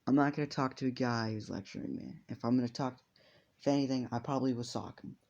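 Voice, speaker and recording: A man's voice: medium pitch, fairly even intonation, quick pace, a little mellow, dull audio. A man improvising a fan story aloud, rambling and swearing casually as he goes. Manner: rambling, profane, off-the-cuff.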